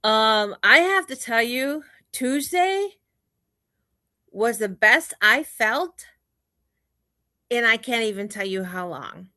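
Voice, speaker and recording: An animated woman guest on a video call. She tells her story in quick bursts and quotes her own thoughts. Her voice is bright and a little high, and the sound is dry and close. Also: no room sound. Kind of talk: casual video chat interview.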